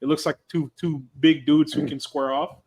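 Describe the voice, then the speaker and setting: A man's voice: a little high, little pitch movement, normal speed, a little mellow. A man co-hosting a podcast, talking about superhero films in a hyped, slangy, profane way. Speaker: podcast co-host. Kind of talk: casual chat.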